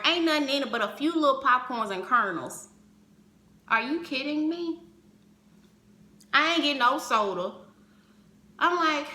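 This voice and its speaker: A woman telling a personal story in casual vlog fashion, animated, acting out the other people's lines as she goes. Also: high voice. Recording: roomy echo.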